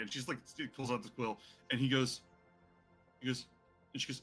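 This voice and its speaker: A man narrates as game master, quick and playful, steering the scene with gleeful asides. His voice is bright and clear. Soft music sits behind him. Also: mid-range voice, steady tone.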